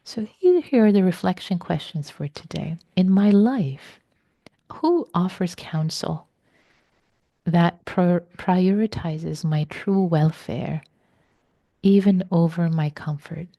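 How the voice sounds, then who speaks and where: A woman meditation teacher giving a slow, reflective dharma talk in a soft voice, with some words whispered for stress. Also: fairly low pitch, dry recording, muffled recording.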